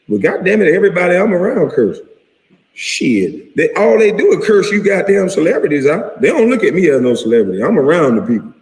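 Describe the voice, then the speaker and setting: A retired athlete in his forties rants to camera, cursing freely and talking in a heated, animated way. His voice sits a little high for a man and swoops widely in pitch. The recording is roomy, with a long reverb tail. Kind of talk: casual rant to camera. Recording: echoey room with long reverb.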